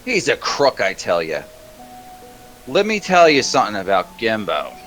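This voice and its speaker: A man voicing a pushy, loud male gnome haggler in a tabletop game, blustery and brash. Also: lowish voice, huge pitch swings, normal speed, soft background music.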